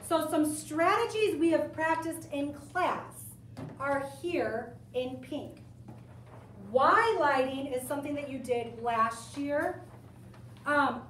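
Casting: high-voiced young woman teacher, chatty and animated, in an echoey classroom caught from a distance. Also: a little hiss or hum. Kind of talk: classroom lesson to students. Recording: echoey room, camera from far off.

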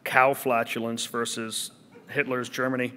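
A man's voice: medium pitch, flat delivery, a little slow, sharp tone. A man answering audience questions at a seminar, combative and sardonic. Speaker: speaker at a seminar. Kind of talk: lecture Q&A answer. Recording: long hall reverb.

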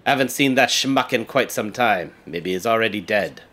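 A man's voice: lowish voice, expressive, normal speed, sharp tone. A man voicing a sneering greedy tea house boss. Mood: gloating. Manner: sneering, boastful, vengeful. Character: greedy bullying male tea house owner, middle-aged.

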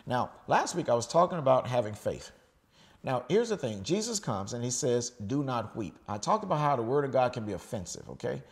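A middle-aged pastor from the United States preaches a sermon in a relaxed, conversational style, frequently checking in with "okay?" and restarting his phrases. His voice is medium-pitched and brisk.

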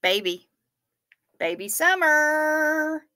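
This Midwestern American woman runs a livestream, casually chatting and raving about viewers' pictures and comments in a playful, easygoing manner. Her high voice is very animated and sharp, and she draws out her words.

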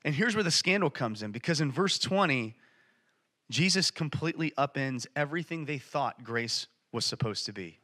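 A man's voice: medium pitch, animated, moderate pace, sharp tone. A man preaching a sermon in church, telling a Bible story with passion and emphasis. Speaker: church speaker.

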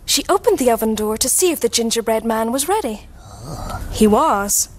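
A woman telling a children's story aloud in a lively, expressive way for a young audience. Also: fairly high pitch, normal speed, slight background noise, lightly acted.

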